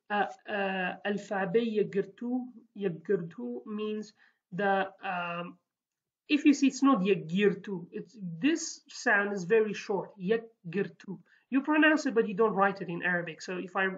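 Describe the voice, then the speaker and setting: A woman's voice: mid-range voice, dull audio. Hesitant woman teaching a language lesson. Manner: hesitant, many fillers and restarts. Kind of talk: casual spoken lesson.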